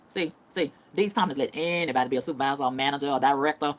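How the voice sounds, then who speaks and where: A woman's voice: low-pitched, fast. A woman ranting casually to her audience in a profane, emphatic style, repeating phrases for punch. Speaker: vlogger. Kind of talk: casual rant to camera.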